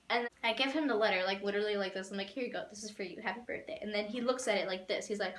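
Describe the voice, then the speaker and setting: A woman's voice: medium pitch, fast, reverberant. A young woman vlogger telling a long, rambling fan story in casual chat, full of "like" and acted-out quotes. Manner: rambling, animated, many "like"s and laughs.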